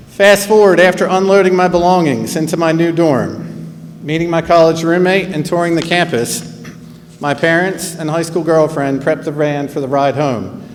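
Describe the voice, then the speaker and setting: A man in his fifties from New Jersey, whose accent colours an earnest, measured commencement address full of deliberate pauses. His voice sits slightly high for a man. He speaks over a podium microphone in a large hall with a long reverb tail and a faint hum behind him. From New Jersey, USA. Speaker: school principal giving graduation speech. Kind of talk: commencement speech. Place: large auditorium or arena.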